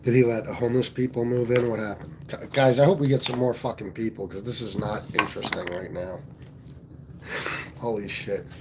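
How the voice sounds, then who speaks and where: A blunt, foul-mouthed man from Pennsylvania chats on a casual livestream, reading out viewer comments and answering them straight. His voice sits at an ordinary middle pitch. A faint hiss of noise runs under the recording. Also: fairly even intonation, moderate pace. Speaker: livestream host.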